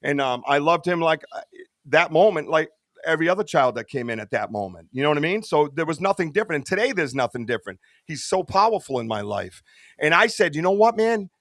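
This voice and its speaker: A middle-aged man talks in a loose, rambling way, earnest and full of bro and dude. His voice sits a little high. The sound is dry and close, with no room around it. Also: big pitch swings, fast, a bit bright, no room sound. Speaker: podcast guest, Bigfoot researcher. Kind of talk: casual podcast chat.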